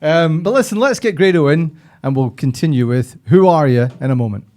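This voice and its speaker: A man hosts a football podcast in easy, chatty talk. His voice is a touch high for a man, and he laughs readily at his guests. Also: animated, fairly quick, darkish tone. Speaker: podcast host. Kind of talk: casual podcast chat.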